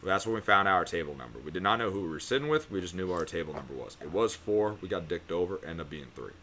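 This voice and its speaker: A man's voice: sits low, expressive, fast talker, pushed and bright, slight background noise. A young man from Connecticut telling a long story on a podcast, rambling with lots of fillers and the odd swear. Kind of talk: casual podcast chat.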